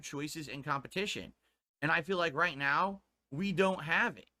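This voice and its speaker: A man from the United States rants on a stream in a higher-than-usual, bright, pushing voice. He sounds indignant and swears freely. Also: unhurried. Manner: indignant, profane ranting. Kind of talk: ranting commentary on a stream.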